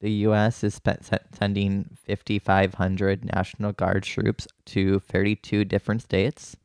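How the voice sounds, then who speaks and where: A man's voice: on the low side, monotone, unhurried, a little mellow, clean tone, no room sound, studio quality. A man co-hosting a podcast in casual comedic chat, chatty and laughing, with many fillers. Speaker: podcast co-host.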